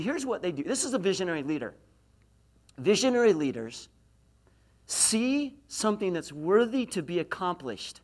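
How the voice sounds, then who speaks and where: A middle-aged man from Idaho giving a university lecture, telling self-deprecating stories and throwing questions to the audience. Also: sits high. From Idaho, USA. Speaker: motivational speaker.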